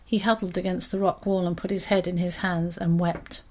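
A woman with a fairly low voice reads a children's story aloud. Her telling is expressive and steady, with an even, unhurried delivery.

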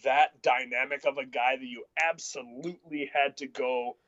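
A man co-hosting a casual sports podcast, arguing football picks bluntly and in rapid bursts. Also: medium pitch, steady tone, a bit bright, dry recording. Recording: dull lo-fi sound.

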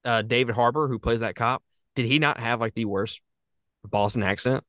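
A podcast co-host talks casually about a movie, animated, swearing and laughing often. His mid-range voice keeps a moderate pace, recorded in a clean studio with no echo.

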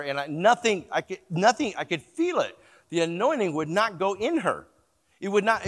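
A male pastor preaching a sermon and telling a story, moving between hushed retelling and loud, emphatic exhortation, and calling on the congregation to repeat words after him. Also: mid-range voice, big-room sound.

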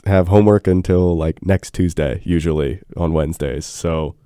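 Young male co-host, very low and mellow, stuffy-nosed, rambling. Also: moderate pace, clean tone, no echo, clean studio sound. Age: young adult. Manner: easygoing, rambling storyteller. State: congested from a cold. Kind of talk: casual chat. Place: college radio studio.

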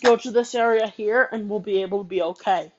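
A man's voice: high voice, brisk, slight background noise, natural voice. A young man putting on a friendly Irish-accented game guide. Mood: urgent. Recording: muffled lo-fi recording.

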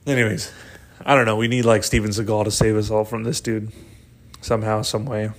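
A man's voice: fairly low pitch, level tone, fairly quick. A man hosting a casual solo podcast, rambling with lots of fillers, swearing and frequent laughter. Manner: rambling, profane, laughs often. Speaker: podcast host.

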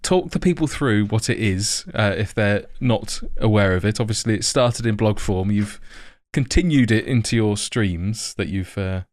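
Male podcast host, low pitch, dry close mic, easygoing and jokey. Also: animated, normal speed, few pauses, no room sound. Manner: jokey, stumbling over words. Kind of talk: casual chat.

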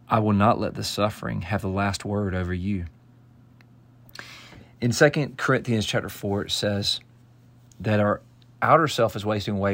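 A man's voice: lowish voice, gravelly. A man giving devotional Bible teaching, earnest and emphatic, quoting scripture and often restarting phrases. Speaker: pastor.

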